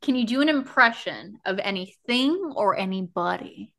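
A woman hosting a casual interview who asks quick questions and giggles often. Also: medium pitch, lively intonation, fairly bright tone. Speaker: podcast host.

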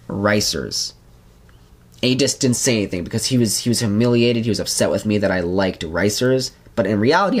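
A young man hosting a podcast, telling stories in a rambling casual chat with lots of fillers. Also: fairly low pitch. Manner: rambling, animated storytelling with many fillers. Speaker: podcast host.

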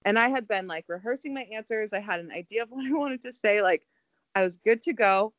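A woman's voice: mid-range voice, fairly quick, dry recording, muffled recording. A young woman chatting casually as a podcast host, telling a story with lots of fillers and self-deprecating humor. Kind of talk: casual chat.

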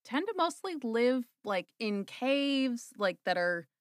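A woman's voice: a little high, big pitch swings, slow, no echo, studio quality. A woman from the American Midwest with a Minnesotan accent, co-hosting a casual podcast chat, chatty with many fillers and restarts. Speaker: podcast co-host.

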